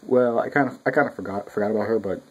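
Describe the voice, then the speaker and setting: A man's voice: lowish voice, fast, slightly rough, highs cut off. A young man reviewing a manga chapter in a casual, rambling, profane way, at home with his cat nearby. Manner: profane, rambling, animated quoting.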